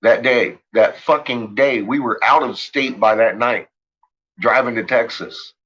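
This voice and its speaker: Husky-voiced man, profane rambling rant, dull lo-fi sound. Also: medium pitch, a little slow. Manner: profane, ranting, shouts in retold quotes. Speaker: host. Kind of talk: rambling late-night monologue.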